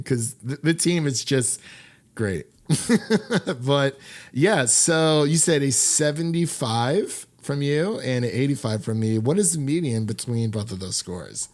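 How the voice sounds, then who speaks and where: A man's voice: mid-range voice, very animated, slow. A man hosting a film podcast in casual chat, rambling and laughing often, with upbeat sign-offs. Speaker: podcast host.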